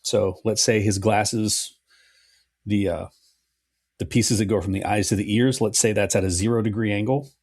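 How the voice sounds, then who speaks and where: Low husky-voiced man telling a story. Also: normal speed, no room sound, clean studio sound. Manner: relaxed storytelling, swears freely. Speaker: podcast co-host. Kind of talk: casual podcast chat.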